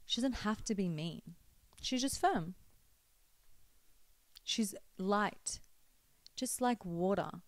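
A woman's voice: mid-range voice, slow, long pauses, no room sound. Chatty young woman vlogger, dry sound. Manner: chatty and expressive, teasing asides to viewers. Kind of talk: casual faith-based advice talk to camera.

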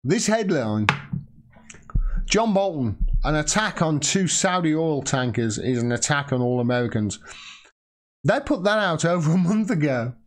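A man's voice: fairly high pitch, expressive, unhurried. A man giving an angry, profane livestream rant as a political video commentator, heated and emphatic.

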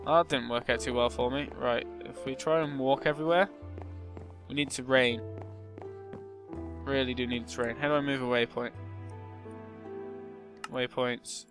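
A man's voice: medium pitch, steady tone, a little slow, pauses often. A young man talking through a game he is playing, chatty and self-mocking, humming and muttering to himself as he goes. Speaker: gaming YouTuber. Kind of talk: casual gameplay commentary. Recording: music playing behind.

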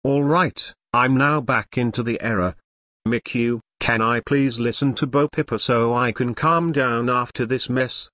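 A man's voice: mid-range voice, fairly even intonation, a little slow, bright, forceful tone, no echo, studio quality. A text-to-speech man voicing a sheepish young troublemaker. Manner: explaining, promising.

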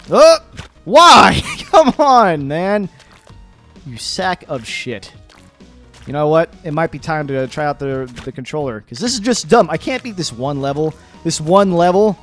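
A young man with a fairly high voice talks through a game he keeps failing, grumbling, cursing and now and then yelling. His voice has gone a little phlegmy. Faint music runs underneath. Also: expressive, normal speed. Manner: frustrated, swearing, bursts of yelling and laughing. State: slightly phlegmy voice. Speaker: gaming video host. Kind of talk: casual let's-play commentary.

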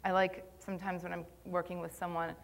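A woman's voice: on the low side, level tone, brisk, vocal fry. A young woman giving a live conference talk on posture, conversational and a little nervous, with plenty of ums. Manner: conversational, filler-heavy, slightly nervous. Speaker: conference speaker on posture and Pilates. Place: conference room.

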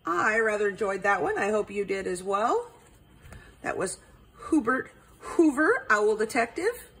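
A woman reading a children's picture book aloud, narrating gently and playfully. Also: mid-range voice, expressive, a little slow, husky. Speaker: storyteller.

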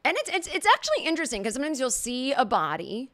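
A woman's voice: high voice, big pitch swings, fast talker, a bit bright. A middle-aged woman hosting a podcast, telling a funny story in a casual monologue and acting out the quoted reactions. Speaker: podcast host.

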